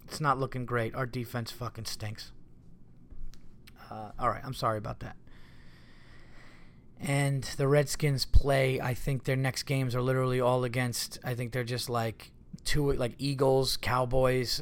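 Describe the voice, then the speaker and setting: A man's voice: mid-range voice, level tone, moderate pace. A man hosting a solo podcast, rambling casually, cursing often and getting exasperated. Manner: rambling, profane, easily exasperated. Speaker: comedian podcast host.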